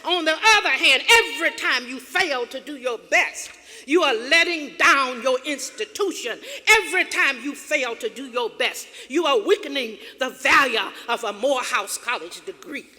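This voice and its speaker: A woman gives a motivational keynote in a high, bright, pushed voice at a moderate pace. She uses dramatic, rhythmic repetition to build emphasis, recorded in a reverberant hall with an audience.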